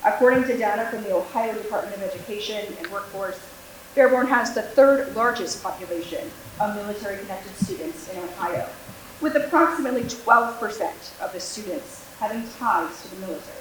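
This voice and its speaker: A woman's voice: medium pitch, lively intonation, fairly quick. Woman projecting her teacher voice in an echoey hall. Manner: projecting teacher voice without a microphone. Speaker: military school liaison. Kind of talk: prepared public address. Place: school board meeting room. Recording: very echoey room, faint hiss.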